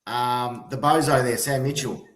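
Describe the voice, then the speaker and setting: A man chats on a football podcast in a laid-back way. He often pauses with ums. His voice rings in a roomy, echoey space. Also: mid-range voice, fairly even intonation, a bit bright. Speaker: podcast co-host. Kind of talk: casual sports chat.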